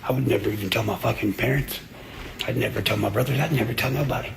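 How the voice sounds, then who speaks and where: A man holds court on his own livestream, swearing freely and boasting. His voice is rough and gravelly, sitting in a middle register. He breaks into laughter often. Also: mid-range voice, fast talker, noisy background. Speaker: livestream host. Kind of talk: casual livestream rant.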